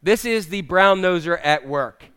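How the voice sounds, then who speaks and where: A man delivering a sermon in a relaxed, humorous way, often teasing the congregation. His voice sits fairly high for a man. The tone is smooth and clear. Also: a little slow. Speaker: pastor.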